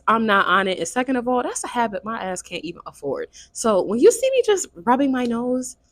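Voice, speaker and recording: A woman's voice: medium pitch, no echo, studio quality. A woman chatting casually to her viewers in a book review vlog. She swears freely and keeps checking in with her audience.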